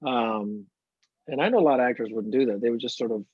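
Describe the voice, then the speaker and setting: A man, an actor guest, telling stories in a relaxed interview with lots of restarts. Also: mid-range voice, fast, slightly rough, no room sound. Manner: anecdotal, warm storytelling with frequent restarts. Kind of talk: casual interview chat. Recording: muffled, dry lo-fi audio.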